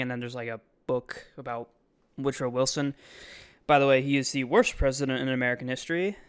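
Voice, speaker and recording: In a smooth, fairly bright voice of medium pitch, a vlogger narrates his own video casually, rambling along with plenty of ums and likes. The voice-over was recorded away from the museum.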